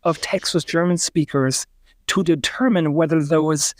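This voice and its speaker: A middle-aged man with a slightly raised pitch explains his field as a podcast guest, pausing often on uh and um. He sounds out example words as he goes, like a lecturer. The sound is dry and close, with no room around it. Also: fairly even intonation, no room sound. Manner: lecturing, demonstrates pronunciations aloud, frequent uh and um. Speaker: linguistics professor, guest.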